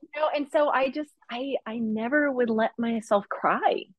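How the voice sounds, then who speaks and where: A woman's voice: a little high, normal speed, dry recording, lo-fi sound. A woman who works as a coach, chatting casually and openly, often laughing. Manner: open, emotional, laughs often. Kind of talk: casual chat.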